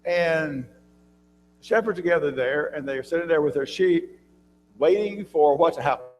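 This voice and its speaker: A man teaching a church Bible class, talking conversationally, often quizzing his listeners with questions and clearing his throat, recorded in a church room with long reverb and a faint hum. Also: a little high, moderate pace. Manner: frequent throat clearing and restarts.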